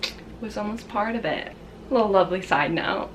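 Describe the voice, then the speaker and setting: A young woman vlogger telling a casual storytime, chatty with lots of fillers, acting out quotes in shrill high voices. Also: brisk, a little hiss or hum.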